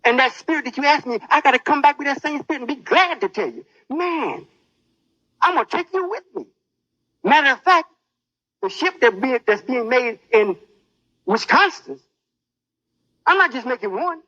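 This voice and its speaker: High-voiced boastful male preacher. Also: lively intonation, moderate pace, pauses often, sharp tone, no room sound, muffled recording. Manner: boastful, menacing. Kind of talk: sermon.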